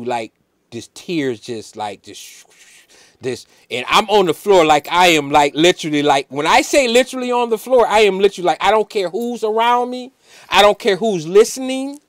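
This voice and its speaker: A man, a musician guest on an interview show, telling a personal story in an animated, emphatic way, full of "like" fillers. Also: fairly high pitch, no echo, clean studio sound. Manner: emphatic, preacher-like insistence.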